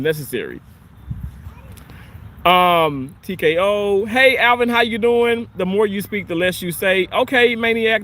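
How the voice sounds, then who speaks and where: A man hosting a casual livestream outdoors in a park, reading viewer comments aloud and answering them in an animated, rambling way. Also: a little high. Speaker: livestream host reading chat.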